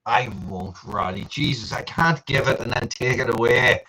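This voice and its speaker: A man running a relaxed live stream from upstairs at home talks to his viewers at a normal speed in a medium-pitched, sharp voice, trying out both a camera mic and a desk mic. He's rambling and self-mocking, frequently laughing and restarting. The rough recording has a little hiss or hum.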